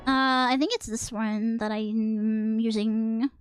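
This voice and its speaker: A woman's voice: fairly high pitch, steady tone, slow, faint music behind. A woman streamer chatting casually and teasingly, rambling with lots of fillers as she talks to her chat. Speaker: VTuber streamer.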